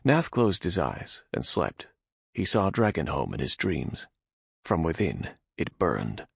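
A man narrates a fantasy audiobook in a very low, gravelly voice with a husky grain. His delivery rises and falls with the story. The sound is close and dry. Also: sing-song, slow, dry recording.

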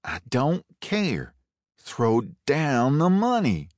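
A man's voice: mid-range voice, huge pitch swings, drawn-out words, a little mellow, no echo, voice pushed up, heavily acted. A man playing a curt raider colonel. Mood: commanding. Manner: commanding, curt orders with a dry drawl. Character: blunt Confederate colonel, raider leader, older man.

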